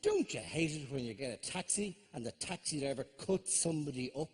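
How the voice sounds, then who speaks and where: An Irish man performing live stand-up, spinning chatty anecdotes. His voice sits a little high and swoops animatedly as he tags his lines with "right?". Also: animated, a little fast. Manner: chatty storyteller, often adds "right?". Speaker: stand-up comedian.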